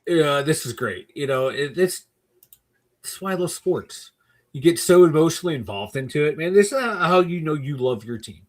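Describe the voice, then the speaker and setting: A man's voice: fairly high pitch, lively intonation, moderate pace, darkish tone. A man with a Pittsburgh accent co-hosting a casual sports stream, candid and profane as he talks about sports. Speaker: podcast co-host. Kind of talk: casual live-stream chat.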